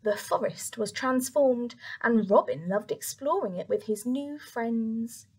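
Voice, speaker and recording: A young woman reading a picture book aloud to children, soft and expressive, with whispered asides. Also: fairly high pitch, unhurried, slightly rough. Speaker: children's story reader.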